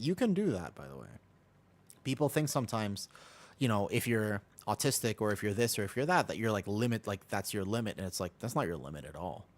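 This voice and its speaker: A young man chatting casually on a gaming stream, drifting between a personal story and the game. He rambles, restarts and repeats lines. His voice swings widely in pitch from low mutters to high bursts. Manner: rambling, self-interrupting storyteller, repeats himself.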